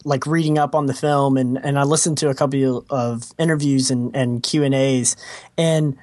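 A man co-hosting a film podcast in casual chat, halting and often restarting his sentences. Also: medium pitch, steady tone, a little mellow, no room sound.

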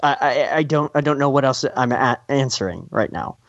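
A man's voice: medium pitch, expressive, brisk, vocal fry, no room sound. Guy rambling about a movie on a podcast, lots of restarts, kinda dull lo-fi sound. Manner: rambling, with many restarts and acted-out quotes. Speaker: podcast co-host. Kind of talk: casual film discussion. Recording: dull, slightly lo-fi dry sound.

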